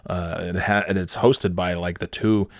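A man's voice: sits low, fairly even intonation, normal speed, no echo, clean studio sound. A man hosting a podcast, rambling through a profane, sarcastic comedic rant. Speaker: podcast host.

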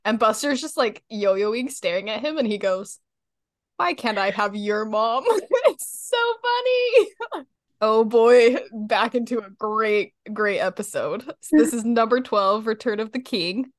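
A young woman co-hosts a casual podcast, gushing and giggling as she recaps a cartoon episode, often breaking into laughter and quoting lines in a put-on voice. Her voice is fairly high and her pace measured. The studio recording is clean, with no room sound.

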